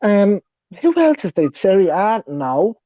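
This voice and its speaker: Mellow man on a dull, dry mic. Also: high-pitched, big pitch swings, unhurried, no echo. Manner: agreeable, rhetorical, lists options. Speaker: football podcast co-host. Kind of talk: casual football chat.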